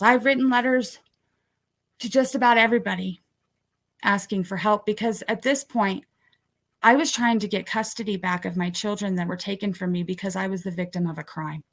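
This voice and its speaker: A woman at a conference workshop telling her own story as she shows documents, with an emotional delivery that breaks off, restarts and climbs high when she is indignant. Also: a bit bright. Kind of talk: personal story told while showing documents.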